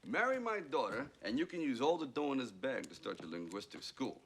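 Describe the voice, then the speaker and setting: An actor playing a scheming older father who speaks in a persuasive, expressive way. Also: mid-range voice, fairly quick, slight background noise.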